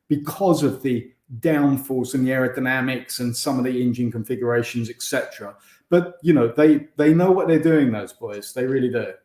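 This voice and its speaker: In a casual interview over a video call, a guest who used to race cars, an Englishman, keeps restarting what he says. His voice is medium-pitched and darkish, and the audio is reverberant.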